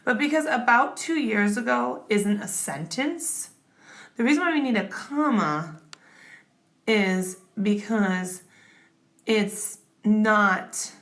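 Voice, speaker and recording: A woman's voice: mid-range voice, slow, fairly bright tone. A woman tutoring grammar, explaining step by step and checking in often with the listener. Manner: patient, checks in with "okay?" and "right?". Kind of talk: classroom explanation.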